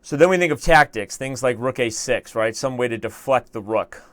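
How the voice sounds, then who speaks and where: A man's voice: mid-range voice, moderate pace, a bit bright, no echo. Chatty man thinking aloud on stream. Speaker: chess show host. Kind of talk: casual live-stream commentary.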